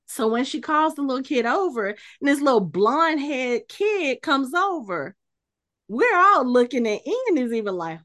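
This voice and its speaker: This podcast co-host has a high voice and talks at an ordinary pace, captured dry with clean studio sound. She breezily goes over a TV episode, performing the dialogue as she recounts each scene with animation.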